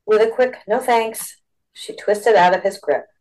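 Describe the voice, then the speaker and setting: A woman reading a story aloud in a steady, expressive narration. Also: medium pitch, moderate pace, rough recording.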